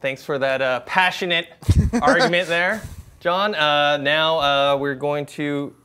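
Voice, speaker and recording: Man, debate moderator, very slow, bright sharp tone, amused. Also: a little high, steady tone, clear, resonant tone. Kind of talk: judging a mock debate.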